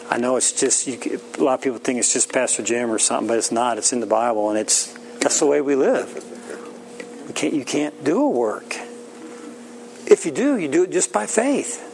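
A man's voice: mid-range voice, slight background noise, low-quality recording. A middle-aged man preaching an informal sermon in a folksy, plain-spoken way, often laughing.

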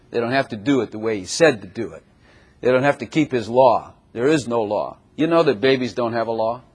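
A man's voice: mid-range voice, slightly rough. A man preaching a sermon who often laughs and acts out little voices as he talks.

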